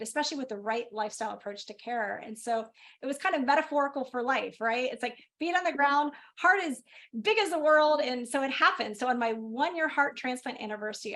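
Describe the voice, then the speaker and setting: Middle-aged woman, physician guest, lively storytelling, slightly high voice. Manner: animated storytelling, lively laughs. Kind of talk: personal story in a webinar.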